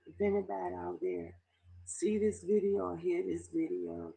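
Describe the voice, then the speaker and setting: A middle-aged woman from Baltimore talks straight to her viewers in a confessional vlog. Her voice is gravelly and husky, and she is close to tears. She speaks haltingly, restarts often, and sometimes sinks to a near whisper. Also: on the low side, sing-song, mellow, poor audio. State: tearful, fighting back tears. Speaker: vlogger.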